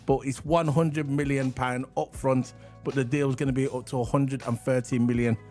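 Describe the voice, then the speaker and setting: A man's voice: medium pitch, level tone, moderate pace, darkish tone, soft background music. A man co-hosting a casual livestream, chatty and rambling, hyping the chat and reading transfer news. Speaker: livestream co-host.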